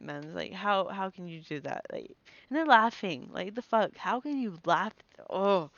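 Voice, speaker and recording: A young woman reads a story aloud to her live-stream viewers, pausing often to chat and laugh at herself. Her voice sits low with a gravelly edge. The sound is dry and a touch dull. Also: dry recording. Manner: stumbles over names, breaks off to react and laugh. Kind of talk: live-stream story reading with chatty asides.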